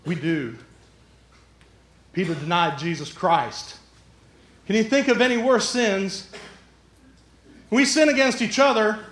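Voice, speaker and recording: A man preaching a sermon, his voice pitched very high for a man. He talks lively and jokey, slipping into the voices of the people in his story. The sound rings in a roomy church hall. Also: slow pace, pauses often. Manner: lively, jokey, acts out the quotes. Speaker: pastor.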